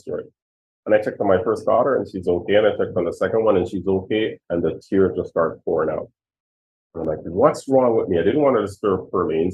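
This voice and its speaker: A man in his sixties speaks earnestly and with emphasis as he tells his own stories. His voice sits fairly low, and it comes through a thin, tinny line that sounds like a phone. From Jamaica. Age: 60s. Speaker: retired police chief. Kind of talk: personal storytelling in an interview.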